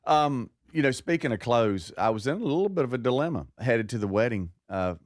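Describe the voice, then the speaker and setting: A man with a lively, swooping voice tells a story in studio banter, sounding exasperated as he goes. His co-host voice is heard dry and close on the mic. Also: medium pitch, a little fast, no echo. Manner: animated storyteller, exasperated asides.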